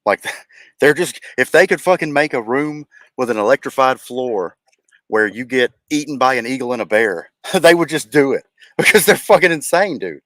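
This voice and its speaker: A man's voice: medium pitch, lively intonation, moderate pace, a bit bright, dry recording. A young man hosting a casual streamed podcast, talking in a loose, rambling and profane way. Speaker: podcast host. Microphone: remote stream setup.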